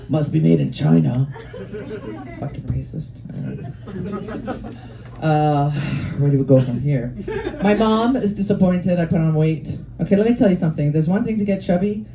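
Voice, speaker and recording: On a comedy club stage, a woman in her forties from Lebanon and Canada delivers a brash, profane, self-mocking stand-up set in a fairly low voice. The low-quality recording catches the live crowd laughing.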